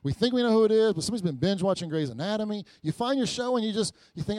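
A middle-aged man preaching a conversational church sermon, telling everyday stories with quick restarts and repeated words. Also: sits high, dry recording. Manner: lively, storytelling, frequent restarts and repeats. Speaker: pastor.

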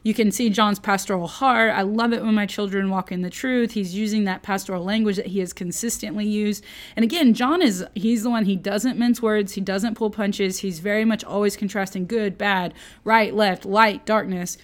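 A woman's voice: mid-range voice, steady tone, normal speed. Chatty woman teaching the Bible. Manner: chatty and playful, with jokey asides.

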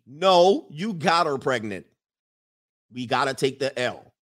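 A man hosts a casual livestream in a teasing, boastful tone and laughs between his lines. His voice sits a bit high for a man, and his pitch swings widely as he talks. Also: big pitch swings, a little slow, fairly bright tone. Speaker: YouTube livestream host.

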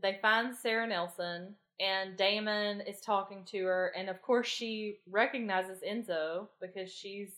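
A woman's voice: mid-range voice, fairly even intonation, a little slow, few pauses, fairly bright tone. Woman on a podcast going over an episode, chatty, eager. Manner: chatty, enthusiastic recapping. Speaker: podcast co-host. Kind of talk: casual chat recapping a TV episode.

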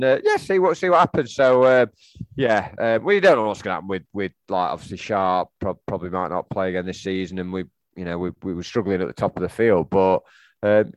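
Bloke on a footy podcast, deep-ish, voice swings up and down a lot, dry close sound. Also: male voice, no echo. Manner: excitable, laughs often, restarts sentences. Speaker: football podcast co-host. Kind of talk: casual chat.

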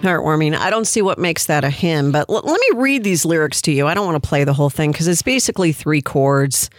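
A man's voice: fairly high pitch, lively intonation, a little fast, dry recording, clean studio sound, soft background music. A man giving mocking, incredulous commentary on a song and reading its lyrics aloud. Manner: mocking, incredulous, laughing asides.

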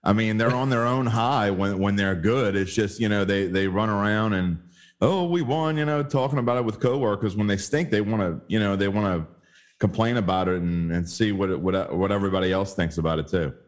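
A man's voice: on the low side, a little fast. A man hosting a sports podcast, chatting casually and rambling a little as he talks through the game. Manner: conversational, rambling with restarts. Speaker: podcast host.

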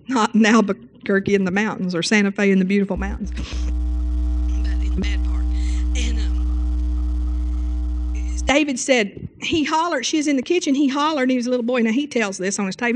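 A woman preacher telling stories in a sermon, often asking "Amen?" between rambling asides. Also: a little high. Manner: storytelling, repeating "Amen" and fillers.

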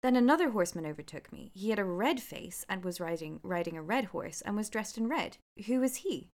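Gentle, polite young girl, as a woman reads her. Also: mid-range voice, lively intonation, fairly quick, natural voice. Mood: pleading. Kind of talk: storybook reading.

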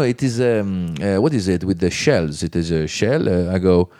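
A comedian telling a lively story in casual talk, acting out other voices. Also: male voice, on the low side, a little fast, few pauses. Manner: animated, acts out voices in anecdotes. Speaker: comedian guest.

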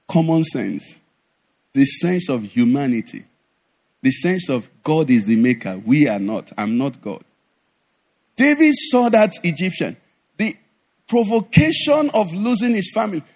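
A middle-aged man preaching a sermon as pastor, animated, with sudden drops to a low conversational voice. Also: measured pace, long pauses, slightly rough.

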